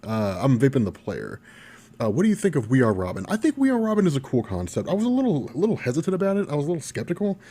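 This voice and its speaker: A young man hosting a casual live stream Q&A about comics, chatty and quick to laugh, reading viewer questions aloud. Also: mid-range voice, wildly swooping pitch, warm tone. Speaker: comics channel host.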